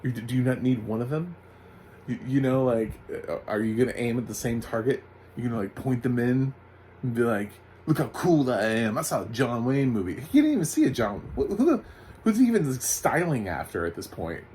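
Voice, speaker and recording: A man's voice: medium pitch, lively intonation, brisk, warm tone, a little hiss or hum, poor audio. A man giving a casual, rambling TV recap with sarcastic asides and frequent laughs. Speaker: TV recap reviewer. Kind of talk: casual spoken review.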